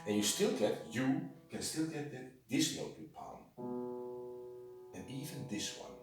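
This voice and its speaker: A man whose first language is Dutch gives an informal singing lesson. He talks haltingly, keeps demonstrating low sung tones and tags his sentences with a questioning "eh?". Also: lively intonation, music in the background. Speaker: vocal instructor. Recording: very echoey room, from a distance.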